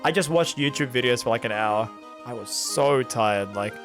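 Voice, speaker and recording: Music plays in the background as a man streams a game, his medium-pitched voice at a normal speed. He rambles casually in let's-play style, often addressing chat and relying on fillers such as "like."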